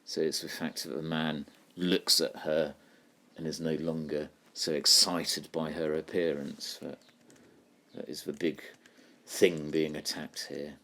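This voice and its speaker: A man's voice: extremely low pitch, level tone, unhurried, fairly bright tone. A man teaching a poetry lesson, thinking aloud and putting questions to his students. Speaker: English literature teacher.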